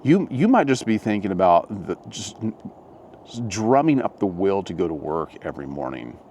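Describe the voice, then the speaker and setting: A man's voice: sits low, big pitch swings, moderate pace, a little mellow, slight background noise. A man vlogging outdoors in a casual, reflective monologue, musing and rambling with frequent restarts. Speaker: motivational vlogger.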